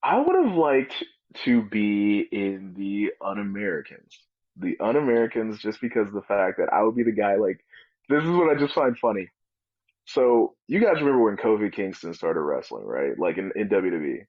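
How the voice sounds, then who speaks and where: A man talking casually as a guest in an interview, joking and telling animated stories. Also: on the low side, moderate pace, no room sound, narrow, tinny audio. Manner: joking, animated storytelling with comic voices. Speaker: wrestler guest.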